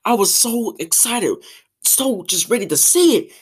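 A young woman hosting a podcast, ranting casually in an exasperated, animated way, full of restarts and fillers. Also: fairly high pitch, measured pace, slightly rough. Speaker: podcast host.

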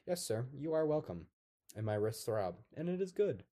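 A man voicing an unhinged artificial toy man who is bitter and volatile. He rambles and swears, swinging between low mutters and sudden shouts in a dark comic monologue. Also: very animated, moderate pace, lightly acted.

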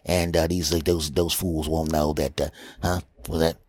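A very deep, gruff male impressionist played by a man in a comedy podcast sketch, surly and dismissive. He grumbles insults with no interest in pleasing anyone. The recording is close and dry. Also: flat delivery, moderate pace, darkish tone, no echo.

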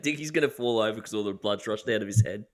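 A man co-hosting a podcast, teasing his friends and quick to laugh in casual banter. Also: fairly low pitch. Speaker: podcast co-host.

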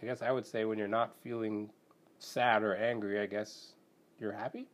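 A man's voice: on the low side, level tone, moderate pace. A man from Canada talking casually and rambling on his own show, with lots of "right?" and little acted-out quotes. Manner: rambling, many fillers and self-questions, acts out quoted friends. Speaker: podcast host. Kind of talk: casual solo talk on self-help.

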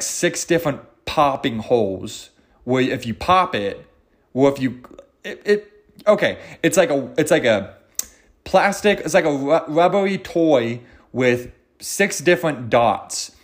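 A man hosting his own podcast, rambling off the cuff with jokes, swearing and self-mocking asides. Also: medium pitch. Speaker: podcast host. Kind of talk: unscripted solo podcast ramble.

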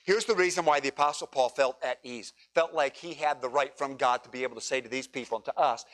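A man preaching a sermon, leading his congregation through scripture with dramatic pauses and emphatic repetition. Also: medium pitch. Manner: preaching with dramatic pauses, rising to near shouts. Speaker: pastor.

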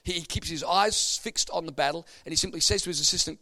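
A man preaching a sermon, an animated storyteller with comic punchlines. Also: on the high side, fast talker, creaky, dry recording.

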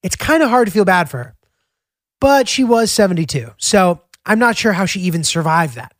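A man's voice: sits high, lively intonation, moderate pace, fairly bright tone, dry recording, studio quality. A young man chatting casually about a road trip, easygoing and full of filler words. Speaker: travel vlogger. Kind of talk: casual travel narration. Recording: voice-over with music bed.

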